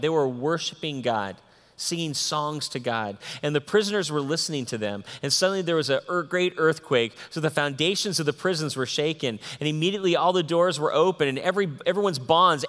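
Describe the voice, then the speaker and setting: A man preaches to a congregation, his voice sitting a little high and ringing through a long hall reverb. He reads scripture aloud and breaks off to talk with the crowd. His delivery swings from excited peaks to soft, hushed asides. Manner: animated, swings between loud excitement and soft hushed tones. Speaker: pastor. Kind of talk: sermon with scripture reading.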